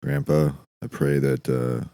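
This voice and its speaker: A man hosting a podcast, delivering a dry, deadpan, profane comedic monologue. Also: a bass voice, measured pace, dry recording. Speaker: podcast host.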